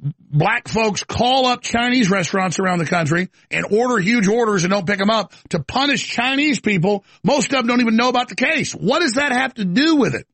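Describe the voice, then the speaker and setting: A man's voice: sits high, animated, fairly quick, fairly bright tone, no room sound. A man hosting a live talk show, ranting with stammering restarts into a studio mic.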